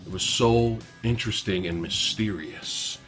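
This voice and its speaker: A man co-hosting a casual film review, animated and quick to laugh and mock outrage. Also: on the low side, faint music behind. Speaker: movie reviewer co-host.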